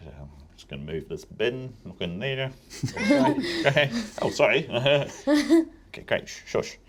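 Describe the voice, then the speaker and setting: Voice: mid-range voice, wildly swooping pitch, a little slow, crowd noise. A tabletop game player who talks in character in a giggly, rambling way. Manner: giggly, rambling, self-talking.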